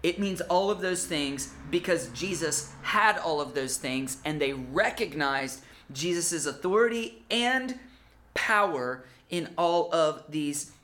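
A pastor preaching a sermon in an animated, conversational way, acting out quotes as he goes. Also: mid-range voice, slow pace.

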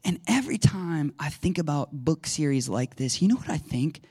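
A middle-aged pastor delivers a conversational sermon in a slightly raised voice. He talks to the congregation like friends, then erupts into loud, excited shouting. The sound is close and dry. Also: fairly high pitch, moderate pace, slightly rough, no echo.

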